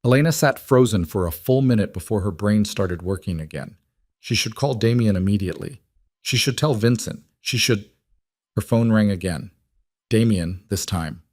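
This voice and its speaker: A man giving steady, measured scripted narration of a dramatic story. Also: on the low side, no room sound, clean studio sound.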